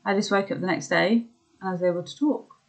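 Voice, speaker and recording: A young woman talking candidly about her own experiences, hesitant with many pauses and ums, laughing at herself at times. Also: fairly low pitch, low-quality recording. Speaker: vlogger sharing her illness experience. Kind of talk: candid personal chat.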